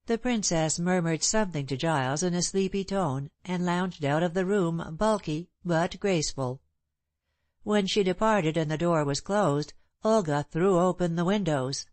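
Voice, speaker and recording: A woman narrating a novel as an audiobook in a measured, even way. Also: fairly low pitch, dry recording. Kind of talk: scripted narration.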